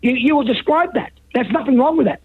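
A man's voice: very high-pitched, expressive, brisk, a loud crowd. A man calling in to a talk radio show, rambling and repeating himself insistently over a muffled phone line. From Australia. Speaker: caller.

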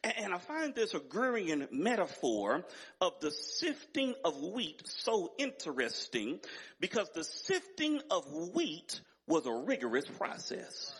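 A man's voice: high-pitched, wildly swooping pitch, unhurried, a bit bright, breathy edge. A man preaching a sermon as pastor, emphatic and building in intensity, with repeated phrases.

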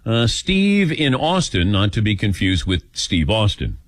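An older man hosting a call-in radio show, taking callers and telling personal stories with lively acted-out quotes. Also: lowish voice, measured pace, no echo. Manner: animated storytelling, acts out quotes. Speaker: radio talk show host.

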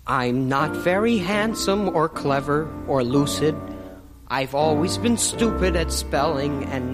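A man playing Charlie Brown, a gloomy, insecure young boy, in a stage musical, mournful and self-deprecating. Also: high voice. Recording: cast recording over loud music.

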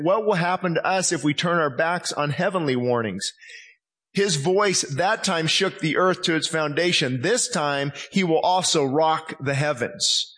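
A man's voice: a little high, fairly bright tone. A man preaching a sermon as pastor, impassioned, acting out the voices he quotes.

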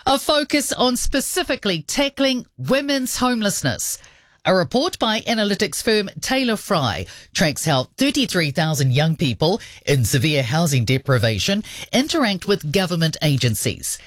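A New woman reads the radio news with a lively, rising and falling delivery. Her voice sits in a middle pitch and is recorded close and dry in the studio. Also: moderate pace, dry recording. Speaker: newsreader.

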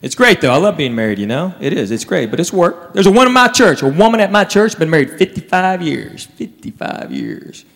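A man's voice: high-pitched, sing-song, fast talker, few pauses, fairly bright tone. A man telling stand-up stories with punchlines and voices for his relatives. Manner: storytelling with punchlines, mimics relatives. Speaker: stand-up comedian. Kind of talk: stand-up comedy routine. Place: comedy club stage with audience. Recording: live stage recording in a reverberant room with audience.

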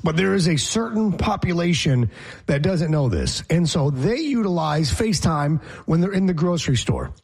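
Husky-voiced man ranting sarcastically. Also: a little high, animated, normal speed, a little mellow. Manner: sarcastic, mocking rants. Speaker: podcast co-host. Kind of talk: casual chat.

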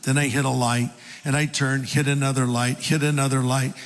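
A man's voice: medium pitch, level tone, normal speed. An older man and pastor preaching a sermon, telling stories with folksy, self-deprecating humor. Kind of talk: sermon with storytelling. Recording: long hall reverb.

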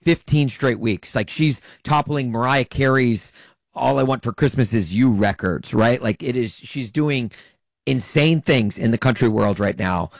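A man giving a playful, emphatic rant in a casual chat. His voice is mid-pitched and recorded close to the mic, with a dry sound and no room echo. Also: a little slow, creaky. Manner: emphatic, joking rants.

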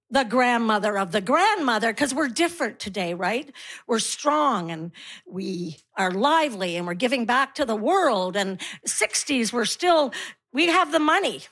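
A woman's voice: a little high, a bit bright. A woman in her sixties doing stand-up comedy on stage, wry and self-mocking, acting out other people's lines. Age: 60s. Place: comedy stage before a laughing crowd.

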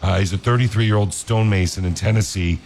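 A man's voice: lowish voice, fast talker, a little mellow, a little hiss or hum. A man hosting a radio show, talking enthusiastically in a casual chat style. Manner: enthusiastic, repeats praise. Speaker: radio host. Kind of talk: upbeat morning radio chat.

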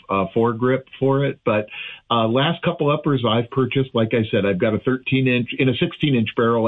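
A man calls in to a radio show over a thin, tinny phone line. His voice is a bit husky, and he talks in a chatty, halting way, full of fillers and restarts. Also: mid-range voice. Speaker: audiologist guest on radio. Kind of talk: casual radio chat by phone. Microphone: remote call-in line.

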